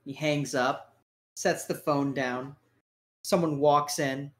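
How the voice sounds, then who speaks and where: A man's voice: on the high side, steady tone, takes it slowly, fairly bright tone. Joking casual game master guy. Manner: casual, swearing, joking, lots of fillers. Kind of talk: narrating a tabletop game and hosting a stream.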